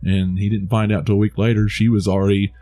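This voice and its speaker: He's a podcast co-host in a casual movie review chat, speaking quickly in a fairly low, dark voice with a level tone. Rambling along, he restarts frequently and is amused by his own jokes.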